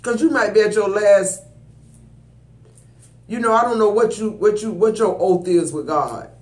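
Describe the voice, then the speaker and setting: With a high voice and a measured pace, a man reads tarot in AAVE, preachy and emphatic as he speaks directly to his viewers. Echo from the room is audible.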